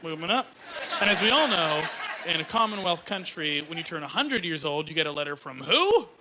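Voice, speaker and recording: A Canadian man performing a stand-up comedy routine on a club stage, animated and mocking, slipping into mock outrage. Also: fairly high pitch, brisk, a loud crowd, very noisy.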